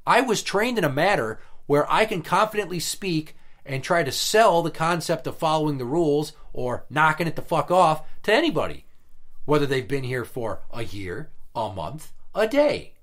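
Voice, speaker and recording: A man's voice: fairly high pitch, very animated, moderate pace, fairly bright tone. A man in casual podcast chat, venting about an old job in a blunt, profane way, with heated emphasis. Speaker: podcast guest telling work stories.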